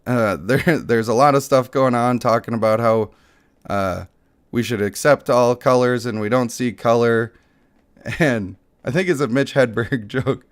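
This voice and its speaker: Slow-talking male game streamer. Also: mid-range voice. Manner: joking, laughs at himself. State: voice a bit worn, cutting out. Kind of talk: casual live-stream chat.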